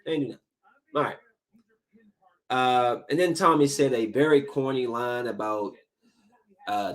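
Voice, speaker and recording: A man in his thirties hosting a podcast, giving a casual solo commentary in an animated, emphatic ranting style full of slang. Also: medium pitch, moderate pace, long pauses. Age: 30s. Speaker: podcast host.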